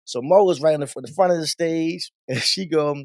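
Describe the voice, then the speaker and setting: A middle-aged man, a DJ guest on a podcast, telling stories in a lively, casual way with laughs and some swearing. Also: on the high side, brisk, no echo, clean studio sound. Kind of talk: casual storytelling interview.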